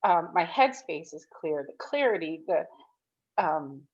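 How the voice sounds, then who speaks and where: A woman's voice: low-pitched, expressive, measured pace, slightly rough. A woman in her thirties or forties giving an emotional, rambling testimonial on a group call. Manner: rambling, upbeat, tearful at times. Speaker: program participant giving a testimonial. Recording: dull lo-fi call audio.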